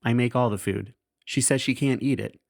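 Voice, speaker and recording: A man's voice: mid-range voice, moderate pace, creaky, a little mellow, no echo, studio quality. A man hosting a podcast, candidly reading his caregiving diary aloud in a wry, self-mocking way, swearing casually. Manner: frank and wry, swears casually, laughs at himself.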